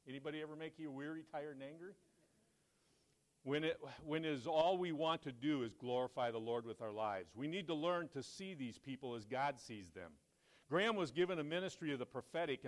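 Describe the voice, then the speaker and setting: A man preaching in church, telling a story with animated quoted lines and quieter reflective asides. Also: on the high side. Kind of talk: sermon storytelling.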